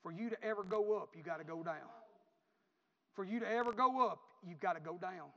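A man preaching a sermon, repeating phrases in a rhythmic build that rises to shouts. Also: high-pitched, a little fast. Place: church. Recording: reverberant hall, dull lo-fi.

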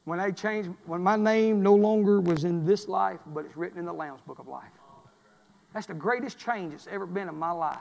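High-voiced fervent preacher. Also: male voice, normal speed, gravelly, muffled recording. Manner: swings from low murmur to shouting fervor. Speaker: pastor. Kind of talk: sermon. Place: church sanctuary. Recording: long echo of a church sanctuary.

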